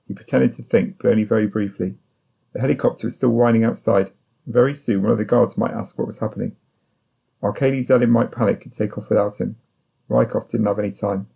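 Gravelly, low male audiobook narrator. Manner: steady, measured storytelling. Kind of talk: scripted first-person narration.

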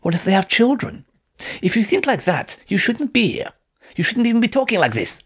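A man's voice: high voice, very animated, fairly quick, fairly bright tone, husky, pitched above the performer's own voice, full character voice. A man voicing a guarded young French woman trained as an assassin, curt and snappish.

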